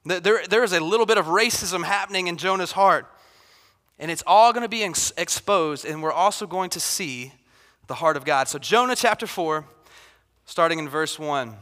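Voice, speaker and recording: A man in his thirties, a pastor, preaching a sermon in a casual, animated way. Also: high voice, moderate pace. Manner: casual and animated, acts out Bible figures. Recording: long hall reverb.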